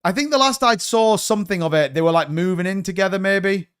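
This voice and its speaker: A man's voice: sits high, a little fast, fairly bright tone, smooth. A man hosting a casual crypto live stream, rambling and thinking aloud with exasperation while he browses charts. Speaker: crypto livestream host.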